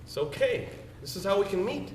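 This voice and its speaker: A man's voice: high voice, big pitch swings, brisk, a little hiss or hum. An actor on a theater stage playing a dead husband's spirit who soothes and teases his wife in her dream. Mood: soothing. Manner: soothing, playful, wistful. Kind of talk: live stage drama. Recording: roomy stage sound from a distant mic.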